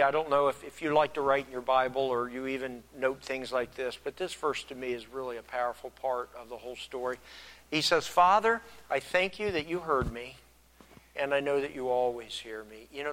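A man preaching a sermon, moving from soft, reflective passages to loud, emphatic preaching. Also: mid-range voice. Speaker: pastor.

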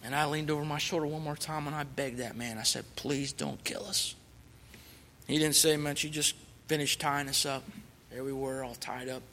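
A man's voice: a little high, fairly even intonation, brisk, pushed and bright, a little hiss or hum. Earnest male missionary in a reverberant hall. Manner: earnest, rising fervently when reciting scripture. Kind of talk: personal testimony storytelling.

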